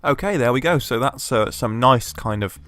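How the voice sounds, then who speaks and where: A man's voice: medium pitch, animated, normal speed, a bit bright, faint music behind. A man casually commenting on a video game as he plays, chatty and full of fillers. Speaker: let's play host.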